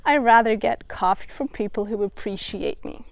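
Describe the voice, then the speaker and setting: Woman coach talking thru steps, calm and encouraging, kinda high voice, dry close sound. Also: normal speed, no room sound. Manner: calm, encouraging, explains step by step. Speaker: mental coach. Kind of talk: coaching vlog.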